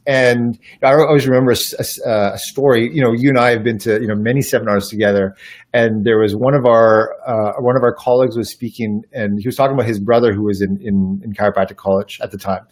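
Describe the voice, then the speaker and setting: Earnest man telling stories, mid pitch. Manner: earnest, reflective storytelling with frequent restarts. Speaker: podcast guest. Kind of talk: casual conversational interview.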